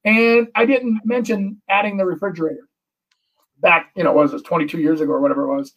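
Man, middle-aged, high voice, animated storyteller, distant from the mic. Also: quick pace, dull audio. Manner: animated, acts out quotes, many restarts. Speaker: real estate agent, co-host. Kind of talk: casual storytelling chat.

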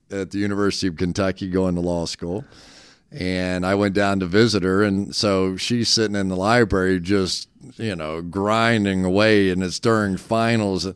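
A man with a low, smooth and resonant voice spins a self-deprecating story as an interview guest. The sound is dry and close, with no room around it. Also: no echo. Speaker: guest, football analyst.

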